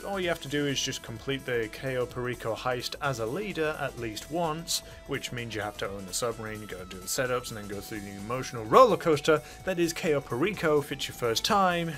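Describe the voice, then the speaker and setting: A man's voice: medium pitch, fairly bright tone. A man hosting a gaming channel, narrating a casual game review in a chatty, offhand way with jokey asides.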